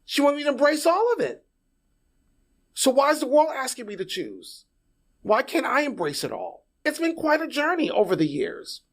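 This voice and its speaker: Animated middle-aged man telling his story. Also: extremely high pitch, moderate pace. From Puerto Rico. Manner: animated storyteller who repeats words when restarting. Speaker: guest. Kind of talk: casual interview talk.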